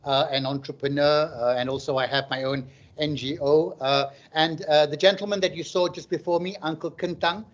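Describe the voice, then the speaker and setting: A man's voice: fairly high pitch, steady tone, moderate pace, dull audio. A middle-aged man doing stand-up comedy on a live online stream. He chats and jokes and reads out viewers' comments. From Malaysia.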